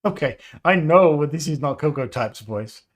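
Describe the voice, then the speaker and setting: A man in his fifties rambles through a casual live stream. His voice is a touch high and swings widely in pitch. He laughs often and drifts into nostalgia. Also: expressive, normal speed. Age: 50s. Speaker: game developer livestreamer.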